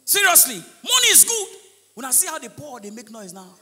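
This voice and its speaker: Loud high-pitched Nigerian comedian shouting punchlines. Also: male voice, huge pitch swings, brisk, long reverb tail. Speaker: stand-up comedian. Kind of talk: live stand-up comedy. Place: large live comedy venue with audience.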